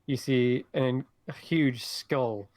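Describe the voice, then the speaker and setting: Brief: male game master, mid-pitched and dry-sounding, halting descriptive narration. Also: darkish tone, no room sound. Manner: hesitant narration with many fillers.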